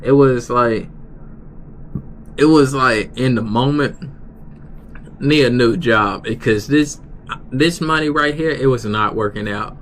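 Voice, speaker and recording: A man's voice: medium pitch, slow pace, pauses often, a bit bright. Young guy streaming, rambly story full of restarts, faint noise behind. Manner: rambling, many restarts and fillers. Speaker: livestreamer. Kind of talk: casual storytelling.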